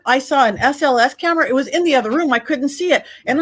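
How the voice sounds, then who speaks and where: Woman, fairly high voice, animated storyteller, casual podcast chat, frequent restarts. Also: fast. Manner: animated, acts out her own quotes, many restarts. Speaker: podcast guest, psychic medium.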